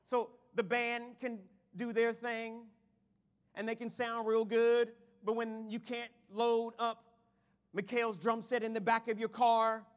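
A man preaching a lively sermon to his congregation, swinging from shouts to quiet asides. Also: very high voice, slow, smooth. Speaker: pastor. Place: church sanctuary. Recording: long hall reverb.

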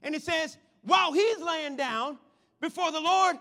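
High bright-voiced guy preaching, goes quiet then yells, big church reverb. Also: measured pace. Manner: swings from quiet to shouting praise. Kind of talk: sermon. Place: church hall. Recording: long hall reverb.

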